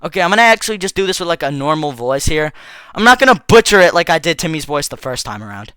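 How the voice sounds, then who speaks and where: A man's voice: on the high side, very animated, fast, a bit bright, clean tone, no echo. A man doing casual let's play commentary with joking, slangy asides on a close desktop mic.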